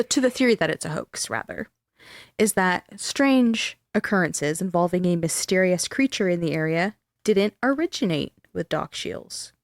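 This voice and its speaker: A woman's voice: mid-range voice, dry recording, studio quality. A young woman podcast host telling a spooky local legend in casual, swear-filled chat. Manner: chatty, swears freely, tells the story.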